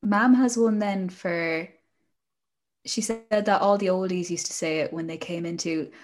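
A woman's voice: on the low side, unhurried, darkish tone. A young Irish woman chatting casually as a podcast co-host, playful and enthusiastic. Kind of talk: casual chat.

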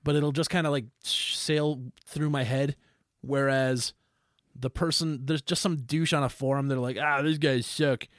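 A man's voice: mid-range voice, fairly even intonation, normal speed, hardly any pauses, no room sound, clean studio sound. A young man co-hosting a casual podcast, blunt and opinionated with a self-mocking streak. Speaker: band member and podcast co-host. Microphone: studio microphone.

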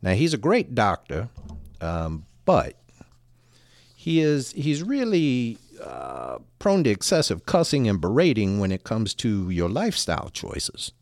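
A man's voice: on the low side, huge pitch swings, a little slow, no echo, studio quality. A middle-aged man telling a personal story in a rambling, casual way with many restarts.

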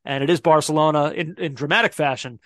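A man with a fairly high voice hosts a football chat. He reflects out loud, pausing with fillers as he reasons. The sound is dry and close. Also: dry recording. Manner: reflective, thinking aloud with many fillers. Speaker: podcast host. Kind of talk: casual sports chat.

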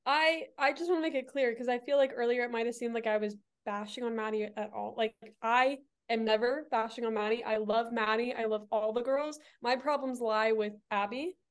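A young woman speaking as a podcast guest, earnest and emphatic, repeating her points to make them clear. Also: on the high side, fairly quick, hardly any pauses. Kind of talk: casual chat.

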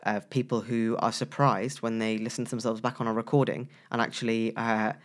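A man co-hosting a casual chat about voices, lively and playful, with bursts of loud emphasis. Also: mid-range voice, brisk. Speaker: co-host, voice professional.

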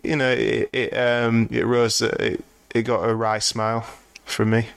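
Male podcast co-host, low and smooth, meandering with dry wit, dry close-miked sound. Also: level tone, a little slow, fairly bright tone, no room sound. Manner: meandering, restarts sentences, dry humor. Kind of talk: casual film discussion.

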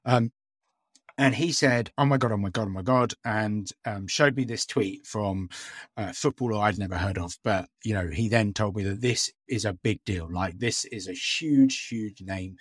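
A man's voice: on the low side, unhurried, slightly rough, dry recording, clean studio sound. A man co-hosting a podcast in casual chat, talking hesitantly with lots of fillers and restarts. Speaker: podcast co-host.

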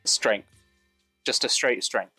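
A man's voice: medium pitch, takes it slowly, pushed and bright, no room sound, soft background music. A man narrating as game master of a tabletop game in a matter-of-fact way.

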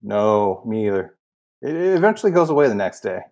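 A man co-hosting a podcast in casual chat, adding quick joking reactions and short interjections. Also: fairly low pitch, big pitch swings, gravelly, darkish tone. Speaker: podcast co-host.

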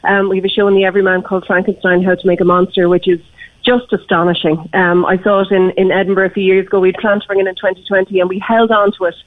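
A woman's voice: mid-range voice, flat delivery, fast talker, no echo. A woman festival director speaking by phone in a casual interview, eager and full of fillers and restarts. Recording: tinny phone line.

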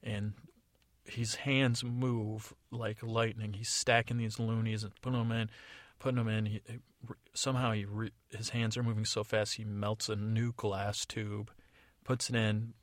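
A man's voice: fairly low pitch, flat delivery, unhurried, dry recording. A man from the United States improvising a story in a casual, rambling, digressive way. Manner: rambling, digressive, many fillers. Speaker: podcast storyteller.

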